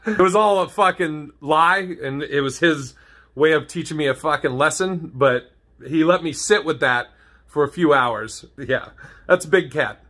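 A young man tells a story to camera in a casual, jokey way and swears freely. His voice is bright and forceful. It sits a little high for a man. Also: unhurried. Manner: laid-back, profane and jokey. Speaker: vlogger.

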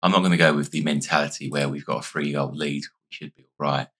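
A man with a hoarse, fading voice giving casual let's-play commentary, chatting and thinking aloud as he plays. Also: a bass voice, steady tone, quick pace, fairly bright tone. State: losing his voice. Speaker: gaming YouTuber.

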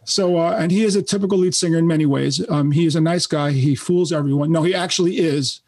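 Older man, new york accent, brash profane storyteller, slightly high voice, dry sound. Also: quick pace, a little mellow, no room sound. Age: 60s. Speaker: guest musician. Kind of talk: casual interview storytelling.

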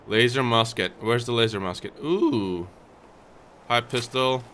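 A man hosting a gaming channel, chatting through a let's play, talking to viewers and soothing his in-game dog, and shouting when startled. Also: mid-range voice, measured pace, a little hiss or hum. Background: game music.

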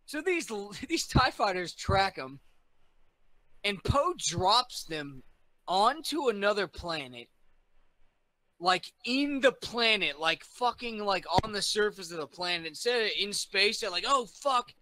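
A tipsy man in casual chat, retelling a movie plot in a rambling, profane, animated way. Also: high voice, measured pace, dry recording, low-quality recording. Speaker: podcast guest.

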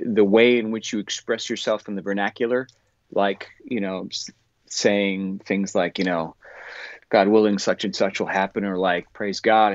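A man, an actor guest in an interview, answering in a thoughtful, earnest way and often pausing to search for words. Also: on the low side, no room sound. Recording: dull lo-fi sound.

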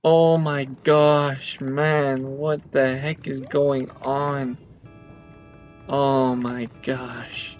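A man's voice: mid-range voice, flat delivery, extremely slow. A man commenting on his own gameplay, complaining dramatically and with exasperation about a hard level. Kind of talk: let's play commentary. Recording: dull lo-fi mic with faint game music.

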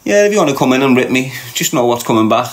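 A man's voice: mid-range voice, animated, fast. A man with a Liverpool Scouse accent hosting a livestream, reading viewer comments aloud and mocking them with banter and frequent laughs. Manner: mocking banter, laughs often, talks back to chat. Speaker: livestream host.

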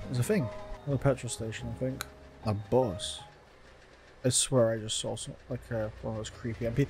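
A man's voice: mid-range voice, steady tone, a little fast, a little mellow, slightly rough, faint music behind. A man giving a jumpy, swear-filled running commentary while playing a video game, talking to himself and to the characters on screen. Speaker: gaming video host. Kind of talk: let's play commentary.

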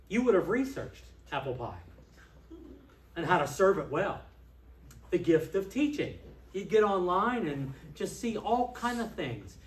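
A man preaching a sermon as pastor, animated, swinging between loud outbursts and quiet asides. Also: high voice. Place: church sanctuary. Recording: echoey church hall from a distance.

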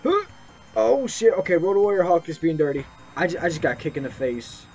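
A young man giving excited gameplay commentary, yelping and swearing as he plays. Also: fairly high pitch, brisk, slightly rough. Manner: excitable, yelps and swears at the game. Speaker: gameplay streamer. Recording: muffled lo-fi mic with game music.

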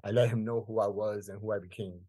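A man's voice: lowish voice, steady tone, fast, warm tone. A man in his fifties, from Queens, telling a personal story as a podcast guest in an emphatic way, repeating phrases for weight. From Queens, New York. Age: 50s. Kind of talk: conversational storytelling.

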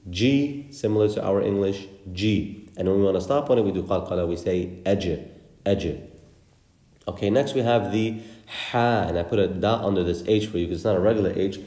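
A man's voice: deep voice, warm tone, roomy sound. A man teaching the Arabic letters for Quran recitation, patiently drilling each sound with repeated examples. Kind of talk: instructional lesson.

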